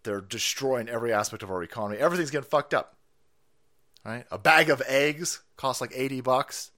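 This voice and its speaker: A man hosting a stream, ranting in a foul-mouthed, mocking way, often laughing and jumping up in pitch when excited. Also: fairly quick. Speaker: streamer and host. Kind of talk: profane ranting commentary stream.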